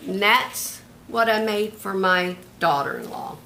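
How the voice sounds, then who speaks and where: A woman's voice: medium pitch, lively intonation, unhurried, creaky, pushed and bright, slight background noise. An older retired woman showing off a handmade journal in a homey, chatty show-and-tell, describing each piece one by one. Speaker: craft vlogger.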